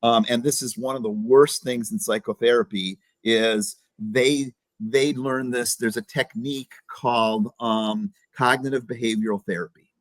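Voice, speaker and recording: A man's voice: medium pitch, steady tone, unhurried, no room sound. A man guesting on a podcast, talking bluntly and with plenty of swearing, and acting out the voice in someone's head. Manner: blunt and profane, acting out the inner critic's voice. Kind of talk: casual interview talk.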